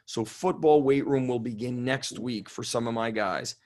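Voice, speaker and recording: Fired up middle aged coach dude, blunt, swears a lot, mid-pitched. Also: male voice, moderate pace, darkish tone. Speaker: strength coach guest. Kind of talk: casual interview.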